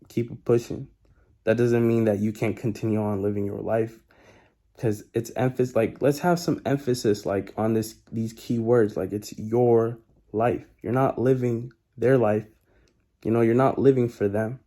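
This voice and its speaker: A man's voice: mid-range voice, steady tone, moderate pace, mellow. A young man giving casual motivational life advice in a laid-back, slangy way, often repeating his key points.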